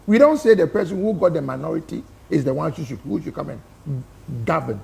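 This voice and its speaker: A man's voice: fairly high pitch, lively intonation, a little fast, gravelly, dark tone. A man with a Ghanaian accent arguing emphatically as a studio guest on a talk show, throwing out rhetorical questions. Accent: Ghanaian English. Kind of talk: impassioned studio debate.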